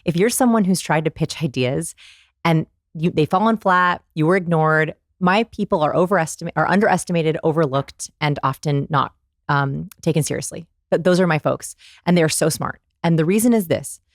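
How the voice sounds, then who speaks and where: Lively middle-aged woman, low voice. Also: dry recording, clean studio sound. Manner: energetic, demonstrates vocal inflections. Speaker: guest, people expert. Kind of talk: animated interview talk.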